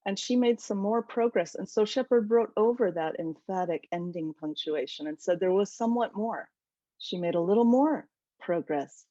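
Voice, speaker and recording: A woman author gives an animated, enthusiastic webinar lecture about her book over a video call. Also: medium pitch, normal speed, no echo. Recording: dull lo-fi webinar audio.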